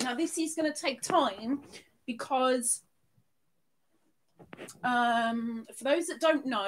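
A woman's voice: high-pitched, slow pace, long pauses, a little hiss or hum. A woman hosting a live stream, gushing affectionately as she reads out viewers' names and thanks them. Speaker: livestream host.

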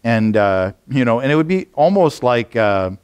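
A man's voice: mid-range voice, big pitch swings, moderate pace, darkish tone, clear, resonant tone. Casual rambling male pastor preaching. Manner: conversational, rambling with frequent fillers and restarts. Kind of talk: sermon. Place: church.

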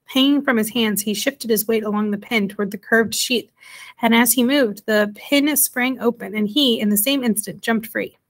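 Woman reading a kids' book out loud, steady pace, fixes a word here and there, higher voice. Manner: measured reading with small self-corrections. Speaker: reader. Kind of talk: children's storybook read aloud.

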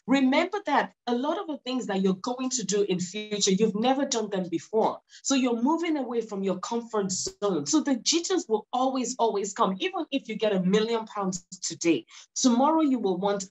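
A woman's voice: on the high side, animated, moderate pace, a little mellow, low-quality recording. A woman, a guest on a podcast interview, speaking earnestly and encouragingly and repeating words for emphasis. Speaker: podcast guest, mindset stylist. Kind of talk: conversational interview.

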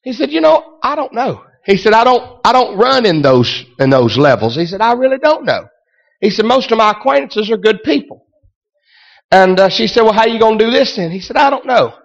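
A man preaching a sermon, telling a story that builds to shouted exclamations. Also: sits high, very animated, fairly quick, creaky, lo-fi sound. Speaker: pastor.

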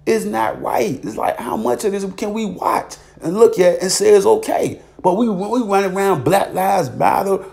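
A man's voice: high-pitched, moderate pace, vocal fry, few pauses, a little mellow. Frustrated man ranting bluntly. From Virginia, USA. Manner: frustrated, blunt, profane, heated; repeats filler tags. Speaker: vlogger. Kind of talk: angry commentary monologue.

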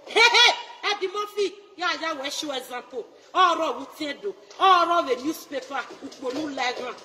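High, bright-voiced Nigerian woman ranting. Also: slight background noise. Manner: loud, mocking, laughs between taunts. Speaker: social media personality. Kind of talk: taunting social media rant.

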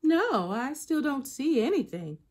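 A woman voicing a calm, clever female little bush deer who answers innocently. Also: sits high, unhurried, voice pushed up. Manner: calm, innocent, playing along.

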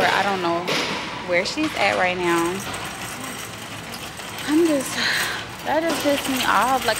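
A young woman vlogging casually from her car and then a big store, chatty and profane as she vents. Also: mid-range voice. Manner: chatty and profane, venting frustration. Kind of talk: casual vlog chat. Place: car, then a large home decor store. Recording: noisy phone recording with traffic and store sounds.

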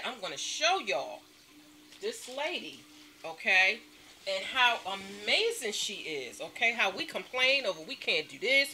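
A woman vlogging from home late at night, chatting to her viewers and calling them honey and y'all at every turn, with loud emphatic stresses. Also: mid-range voice, big pitch swings, measured pace, slight background noise. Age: adult mother. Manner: emphatic, stresses words with bursts of loudness. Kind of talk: casual chat to camera.

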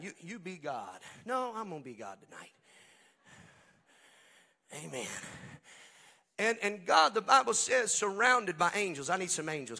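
A male preacher with a very high, bright voice and a gravelly edge, delivering a Pentecostal sermon. He drops into low, joking asides to the congregation, then climbs into shouted, sing-song preaching. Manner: humorous and talks directly to the congregation. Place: church service.

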